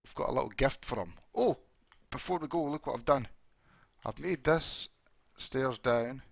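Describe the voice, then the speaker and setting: Scottish man, hoarse recovering voice, gravelly, chatty excitable game commentary. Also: medium pitch, normal speed, dry recording. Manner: chatty and excitable, laughs often. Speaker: Minecraft let's play host. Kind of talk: casual gaming commentary.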